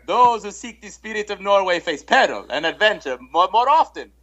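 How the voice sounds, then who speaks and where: A man voicing a solemn male ride narrator in a mock Norwegian accent, slow and grand, with a slightly dull lo-fi sound. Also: high-pitched, lively intonation, pushed and bright, pitched above the performer's own voice, full character voice. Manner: slow, grand, laughing through it.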